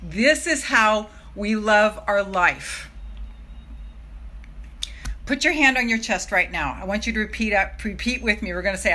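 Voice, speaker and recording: Bright-voiced emphatic motivational woman. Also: mid-range voice, unhurried, pauses often. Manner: emphatic, swinging from hushed to loud exclamations; swears freely, laughs between phrases. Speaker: self-love coach. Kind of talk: live-streamed motivational talk.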